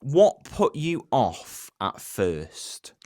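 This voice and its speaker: A man's voice: medium pitch, wildly swooping pitch, extremely slow, warm tone, no echo, studio quality. A young man co-hosting a podcast, chatting casually with his partner. He rambles and cuts himself off, joking as he goes. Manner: rambling, self-interrupting, joking. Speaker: podcast co-host. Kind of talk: casual chat.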